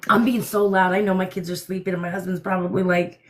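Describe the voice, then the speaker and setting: A woman's voice: fairly low pitch, level tone, fast talker. A middle-aged woman hosting a casual livestream from home at night, blunt and laughing often. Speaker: livestream host. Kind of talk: casual live chat.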